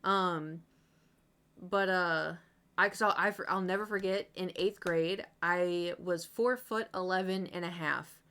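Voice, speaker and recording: A woman's voice: fairly low pitch, steady tone, measured pace, bright, forceful tone, clear, resonant tone. A young woman streamer from the United States chatting casually, telling a long rambling story with many asides to her chat.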